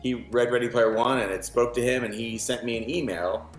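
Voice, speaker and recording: A man, a novelist, speaking in a documentary interview, relaxed and halting with many fillers. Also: mid-range voice, soft background music. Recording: roomy echo.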